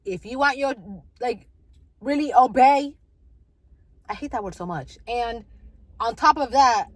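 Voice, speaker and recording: A woman's voice: on the high side, measured pace, no echo, low-quality recording. A young woman talking candidly in a casual vlog, rambling with many fillers and restarts. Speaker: vlogger.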